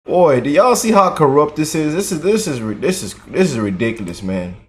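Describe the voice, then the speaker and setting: A man's voice: on the high side, expressive, fairly quick. A man hosting a reaction commentary channel, talking in an emphatic, mocking way.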